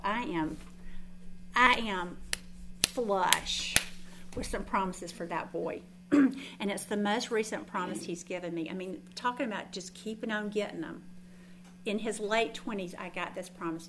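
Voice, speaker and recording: A woman's voice: mid-range voice, slight background noise. A woman, telling stories in a chatty, self-deprecating way while teaching a group. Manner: chatty, self-deprecating storytelling with frequent restarts. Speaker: Bible teacher. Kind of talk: informal sermon to a group.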